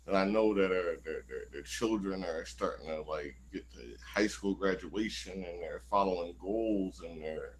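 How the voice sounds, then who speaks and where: A man's voice: low voice, moderate pace, few pauses, rough recording. A man hosting a live radio interview, hyped and encouraging, with a slangy way of talking. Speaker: radio host.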